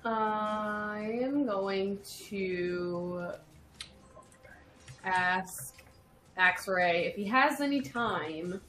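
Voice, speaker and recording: A woman's voice: medium pitch, very slow, long pauses, fairly bright tone, reverberant, slight background noise. A woman playing a tabletop role-playing game, bantering in a brash, profane way. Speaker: player.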